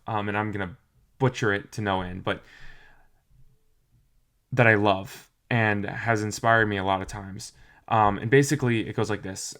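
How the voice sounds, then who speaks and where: A man's voice: lowish voice, a bit bright. A young adult man giving an earnest, encouraging talk to camera, often repeating phrases for emphasis. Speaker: motivational vlogger.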